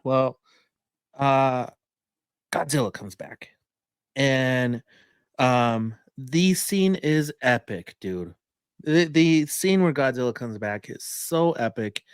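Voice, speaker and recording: A man's voice: medium pitch, clean tone, dry recording, clean studio sound. A man co-hosting a podcast, reviewing a movie in casual, enthusiastic chat full of fillers. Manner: rambling, enthusiastic, many fillers.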